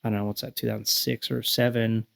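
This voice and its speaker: A man around forty, a podcast guest, telling lively profane stories and acting out what people said. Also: fairly low pitch, quick pace, gravelly. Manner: profane, animated storyteller acting out quotes. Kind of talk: casual storytelling chat.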